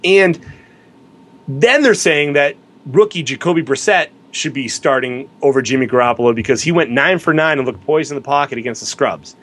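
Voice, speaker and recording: A man co-hosts a casual sports chat, mid-pitched and conversational. He argues his points with lively rhetorical questions. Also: normal speed. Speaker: podcast co-host.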